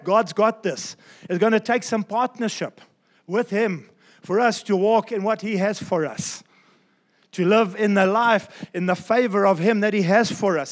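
A man preaching a sermon as pastor, emphatic and repeating key phrases, slowing down to stress his points. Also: sits high.

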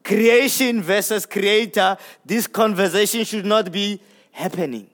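A man preaching a sermon in a conversational way, repeating words as he goes, swinging between emphatic highs and hushed, low lines. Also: measured pace. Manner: repeats words while gathering thoughts.

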